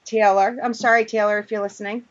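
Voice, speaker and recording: A woman's voice: medium pitch, moderate pace. A woman hosting a casual interview chat, playful and self-deprecating as she talks. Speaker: podcast host. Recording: muffled audio with background noise.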